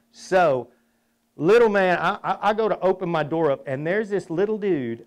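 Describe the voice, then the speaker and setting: A man hosting a technical webinar, chatting casually, telling stories and leading a prayer. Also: on the high side. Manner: folksy, chatty, tells anecdotes. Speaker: webinar host. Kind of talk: casual presentation with storytelling and prayer.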